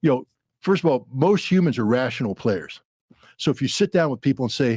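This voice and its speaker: Husky older man telling a blunt story. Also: medium pitch, lively intonation, brisk, darkish tone, no room sound, clean studio sound. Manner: blunt, vivid retelling with dialogue. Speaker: guest, former weapons inspector. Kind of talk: storytelling in a podcast interview.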